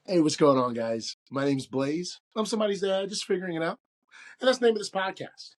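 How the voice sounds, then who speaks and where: Man, 40s, podcast host, upbeat, casual slang, somewhat high voice. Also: brisk, slight background noise. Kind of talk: casual solo podcast monologue.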